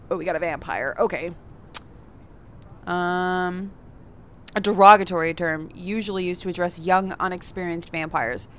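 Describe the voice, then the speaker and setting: A woman reading a visual novel aloud, expressive, breaking off to react and comment. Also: on the low side, moderate pace, long pauses. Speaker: gaming streamer.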